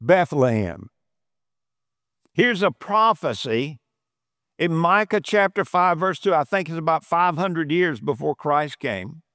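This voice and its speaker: A man's voice: on the high side, animated, slow pace, pushed and bright, no echo, studio quality. A man preaching a sermon, emphatic and repeating phrases for stress. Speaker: pastor.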